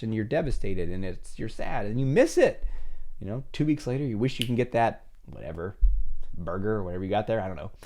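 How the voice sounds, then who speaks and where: Low-voiced man coaching listeners on a podcast. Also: brisk. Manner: conversational, acts out imagined dialogues with lively pitch jumps. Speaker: podcast host and therapist. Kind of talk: casual podcast monologue.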